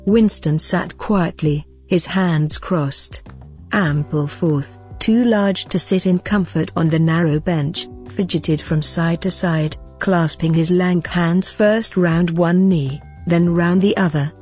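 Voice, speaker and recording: A woman reading a novel aloud as an audiobook narrator, in a measured, even manner. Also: fairly low pitch, soft background music. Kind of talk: scripted narration.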